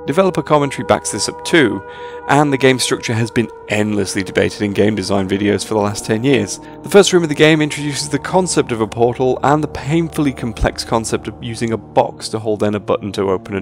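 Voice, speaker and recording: A man's voice: medium pitch, brisk, soft background music. A man narrating a scripted video essay about games, with dry, sarcastic humor.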